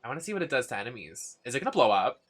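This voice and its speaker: A man's voice: medium pitch, very animated, very fast, a bit bright, slight background noise. Giggly, gushing young streamer man. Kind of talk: casual live game stream.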